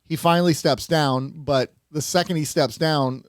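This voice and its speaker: A man hosting a relaxed podcast conversation, with a slightly high voice recorded dry and close. He jokes, laughs easily and rattles off lists of titles. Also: no room sound. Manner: laughs often, jokey, lists things off quickly. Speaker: podcast co-host. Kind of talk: casual chat.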